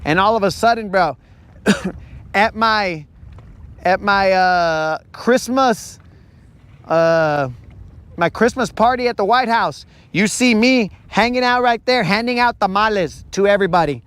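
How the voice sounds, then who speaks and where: A man with a fairly high voice spins a playful, rambling joke out loud, jumping in and out of quick impressions of the people in his story. He sounds laid-back and unscripted, like a podcast host recording out on a fishing boat. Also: smooth. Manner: playful, acts out imagined dialogue in put-on voices. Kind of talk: casual joking monologue.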